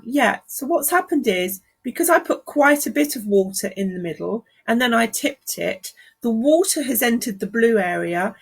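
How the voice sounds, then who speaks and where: Husky London woman teaching watercolour live. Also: fairly high pitch. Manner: chatty, encouraging, greets viewers while painting. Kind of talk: live-streamed painting demonstration. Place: art studio.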